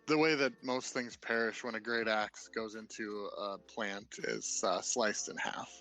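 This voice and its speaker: A man's voice: lowish voice, steady tone, unhurried, sharp tone, soft background music, poor audio. A man in a casual, joking way, playing his character in a tabletop game with friends. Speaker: player.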